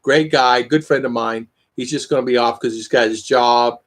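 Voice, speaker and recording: A man's voice: medium pitch, steady tone, moderate pace, fairly bright tone. An older man, hosting a casual livestream chat and thanking viewers by name. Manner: chatty, rambling, lots of thank-yous and fillers. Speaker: livestream host.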